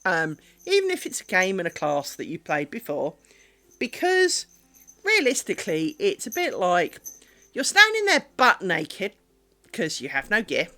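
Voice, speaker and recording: A woman's voice: mid-range voice, sing-song, measured pace, pushed and bright, soft background music. A woman live-streaming at home, chatting casually and wryly on a desk mic, teasing herself and talking to her pets. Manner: chatty, wry, self-deprecating, talks to her pets. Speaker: craft streamer. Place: home craft room. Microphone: desk microphone.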